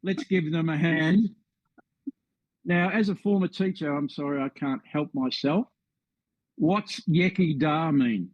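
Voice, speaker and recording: A man's voice: on the high side, a little slow, no echo, muffled recording. A man with an Australian accent presenting a history talk as a story, friendly with wry asides.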